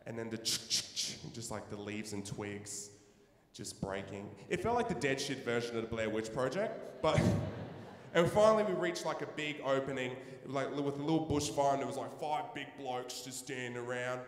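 A man's voice: medium pitch, lively intonation, normal speed. A man doing a loose, rambling, slangy stand-up routine on a large theatre stage. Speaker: stand-up comedian. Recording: echoey hall, live stage.

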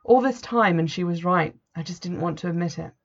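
Anxious, apologetic mother, read by a woman, low and gravelly. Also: brisk. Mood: regretful. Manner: hesitant, apologetic. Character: anxious, regretful middle-aged mother. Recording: dull lo-fi recording.

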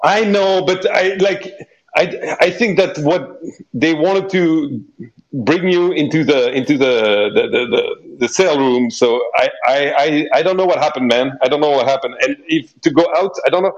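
Halting man running a role-play game. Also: fairly high pitch, highs cut off. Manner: halting, many restarts and fillers. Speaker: game master and player. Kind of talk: improvised tabletop role-play over a call. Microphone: voice call.

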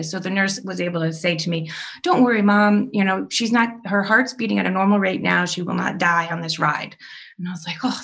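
A woman's voice: medium pitch, a bit bright. Chatty woman telling her story. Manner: candid and chatty, with frequent fillers and small laughs. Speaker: podcast guest.

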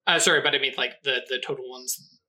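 A man's voice: medium pitch, fairly even intonation, quick pace, sharp tone. A man running a tabletop game as game master, explaining rules with many fillers and restarts.

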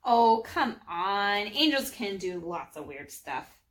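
A woman's voice: medium pitch, big pitch swings, slow pace. Tiny female angel, playful, cheeky, breezy, acted by a woman reader, storybook. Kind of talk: storybook read-aloud.

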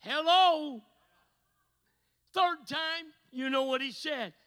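Revival preacher, man, very high bright voice, hushed asides then shouting. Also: slow pace, low-quality recording. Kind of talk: revival sermon.

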